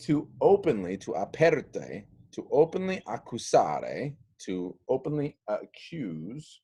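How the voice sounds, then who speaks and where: A man's voice: medium pitch, darkish tone, breathy edge. A man teaching an eighth grade Latin class in a recorded video lesson, playful and jokey as he translates a story.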